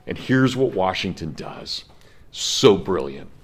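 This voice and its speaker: A deep-voiced, middle-aged professor lecturing in a classroom. He tells his story earnestly and gets emotional, his voice cracking now and then. The sound is plain and close to the speaker. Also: big pitch swings, slow pace, husky. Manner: earnest storytelling, breaks into laughs when moved. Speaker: college professor.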